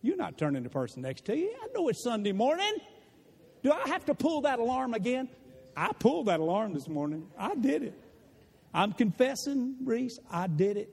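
A man preaching a sermon in a church, animated and rising to shouts. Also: very high voice, normal speed, vocal fry, breathy edge. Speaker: pastor. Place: church sanctuary. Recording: long reverb of a large room.

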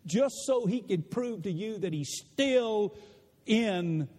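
A man preaching a sermon in a church, animated and rising to shouts. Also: sits high, slow. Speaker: pastor. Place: church sanctuary. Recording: long reverb of a large room.

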